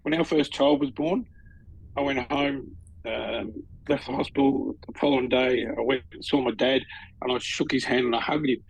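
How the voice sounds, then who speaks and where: A middle-aged podcast co-host tells stories in casual chat, talking chattily and rambling with lots of restarts. His medium-pitched voice is gravelly with a breathy edge, steady in tone, and moves at a normal speed. The audio is poor, though free of echo.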